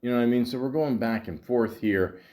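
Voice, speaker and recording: A man hosting a podcast rambles through a frustrating dating story, full of fillers and quoted back-and-forth. His mid-range voice is a little mellow and a little fast, captured on a podcast microphone.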